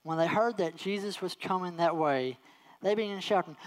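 A medium-pitched preacher addresses a congregation, leaning heavily on repetition and saying key phrases over and over. He acts out quoted voices and slows right down on the words he wants to land.

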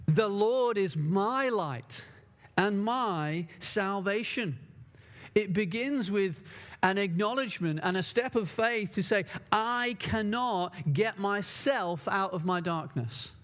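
A man preaching a sermon, earnest and emphatic, repeating key words for stress. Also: sits high.

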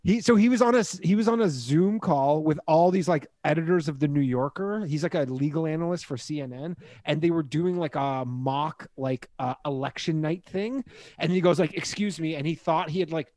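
A man, co-hosting a casual comedy podcast and telling stories with lots of swearing and animated delivery. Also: fairly high pitch, moderate pace, no room sound, clean studio sound. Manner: animated storytelling, swears often. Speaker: podcast co-host.

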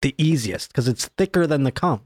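A man's voice: medium pitch, animated, a little fast, no echo, clean studio sound. A man in crude casual chat, giggly and rambling, trailing off with fillers.

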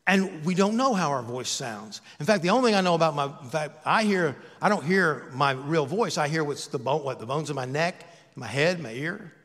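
A man's voice: fairly high pitch, expressive, moderate pace, few pauses, a bit bright, big-room sound. A man preaching a sermon as pastor, in a conversational, joking way with self-mocking asides, recorded in a church sanctuary.

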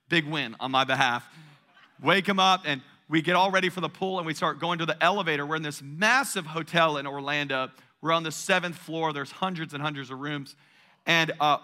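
A man in his thirties preaches to his congregation with energy and emphasis, hammering his points through repetition. His voice sits high for a man and rings very bright and forceful. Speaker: pastor. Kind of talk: sermon.

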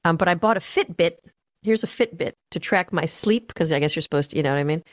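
Woman, 40s, casual rambling chat, lowish voice, dry sound. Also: fast talker, no room sound. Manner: chatty, rambling asides.

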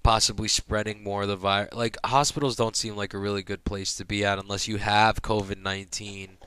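A young man casually telling a hospital story, profane and animated, acting out the people he quotes. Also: on the low side, a little fast, clean tone, no echo.

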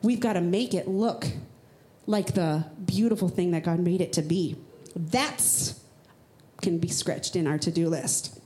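A woman pastor gives a sermon in a casual, talky way. She leans hard on emphatic phrases and leaps into high, playful rhetorical questions. Her everyday speaking voice sits in a middle pitch. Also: darkish tone. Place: church.

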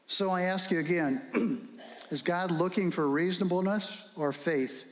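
High-voiced male preacher in a reverberant hall. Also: measured pace. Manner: animated storytelling with rhetorical questions. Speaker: pastor. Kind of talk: sermon.

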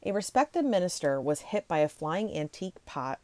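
A woman reads ghost stories to her viewers in a relaxed, chatty way. She rushes ahead, trips over words and stops to laugh at herself. Her voice sits low and mellow, recorded dry and close. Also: no room sound. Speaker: ghost-story video host. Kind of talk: casual reading of ghost stories with asides.

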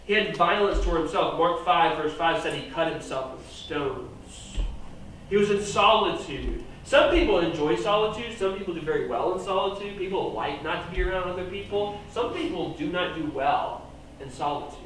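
Man, preacher, sermon, high voice, heavy room echo, heard from a distance. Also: moderate pace, slight background noise. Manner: animated, rising and dropping volume for emphasis. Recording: very echoey room, voice from far off.

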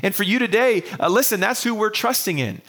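A man's voice: high voice, lively intonation, a little fast, a bit bright. A male pastor preaching a sermon to an online congregation, earnest and repeating key phrases for emphasis.

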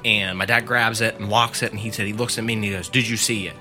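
A man's voice: lowish voice, fairly even intonation, fast, sharp tone, faint music behind. A man casually retelling a story to friends on a podcast, filling it with "like" and "he said". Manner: chatty, leans on "like" and "he said" while retelling. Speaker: podcast co-host telling a story.

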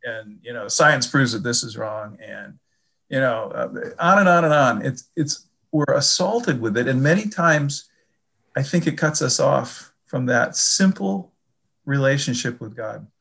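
An older man with a gravelly, creaky voice talks about faith in a relaxed conversation. He is reflective and halting, and he often repeats words as he gathers his thoughts. His pitch sits in the middle range for a man. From Chicago area.

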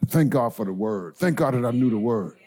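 In a church sanctuary, a bishop addresses his congregation with a sermon delivered a little fast, his medium-pitched voice swooping and lively. His impassioned, folksy call-and-response style drifts from soft asides to shouts, and he calls people y'all and baby.

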